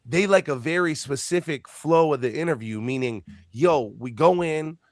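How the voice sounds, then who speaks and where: A man's voice: fairly high pitch, moderate pace, dry recording, clean studio sound. A man hosting a live podcast, telling a story casually and swearing freely. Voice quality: profane, animated storyteller. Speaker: podcast host.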